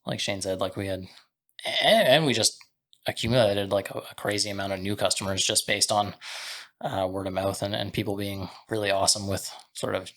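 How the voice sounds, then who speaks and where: A man's voice: on the low side, brisk, fairly bright tone. A man from Canada, a butcher and business co-owner, talking loosely as a podcast guest, with many fillers. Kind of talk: casual podcast conversation.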